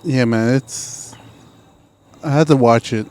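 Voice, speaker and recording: A man's voice: medium pitch, slow pace, darkish tone, clean tone. A man talks casually on a podcast in an easygoing way. He jokes along with the other host. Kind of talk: casual chat.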